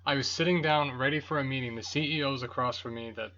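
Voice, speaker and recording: A man's voice: medium pitch, steady tone, fast talker, sharp tone. A man co-hosting a casual wrestling podcast, talking bluntly and swearing freely. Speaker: podcast co-host. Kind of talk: casual chat. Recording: dull lo-fi podcast audio.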